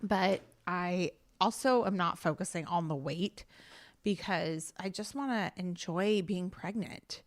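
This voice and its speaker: A woman's voice: on the low side, slow. A pregnant woman in her thirties hosting a casual solo podcast, chatting candidly with lots of filler words and sounding a little out of breath. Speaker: podcast host.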